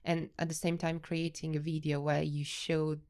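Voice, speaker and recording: An Italian-accented woman with a low voice and a gravelly edge, speaking as a guest researcher on a podcast. She hesitates and restarts often, then gets animated when she explains her work. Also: normal speed. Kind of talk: podcast interview.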